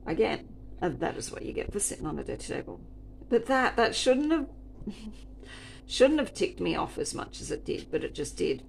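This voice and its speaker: A woman's voice: medium pitch, very animated, normal speed, gravelly, a little hiss or hum. A woman who works as a restaurant server, telling stories in a chatty, wry and rambling way. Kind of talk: casual storytelling chat.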